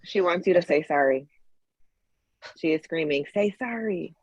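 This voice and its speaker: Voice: medium pitch, steady tone, moderate pace, no room sound, dull audio. A psychic medium describing visions, hesitant and searching for words.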